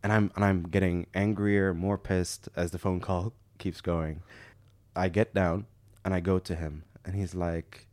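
A man's voice: low-pitched, flat delivery, a little slow, a little mellow, no echo. A young man from Canada casually telling a story on a podcast, laughing as he acts out the other people's lines.

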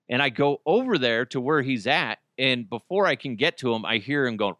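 With big pitch swings and a moderate pace, a mid-range male podcast host delivers a casual solo rant that's crude and jokey, full of mocking voices. The fairly bright sound is dry and studio-clean.

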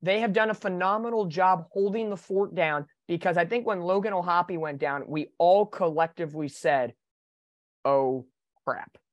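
A man hosting a sports podcast, talking in an animated, opinionated way in casual chat. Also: high-pitched, moderate pace, few pauses, no room sound, highs cut off. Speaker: podcast host.

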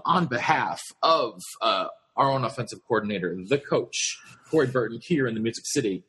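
A man hosting a casual sports podcast, rambling with lots of fillers and halting restarts. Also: medium pitch, fairly bright tone, breathy edge. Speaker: podcast host.

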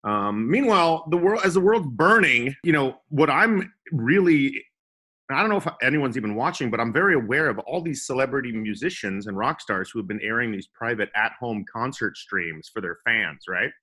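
A man's voice: mid-range voice, animated, normal speed, pushed and bright, breathy edge. A young man co-hosting a comedy podcast, joking around and slipping into silly voices. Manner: goofy, puts on silly voices. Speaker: podcast co-host.

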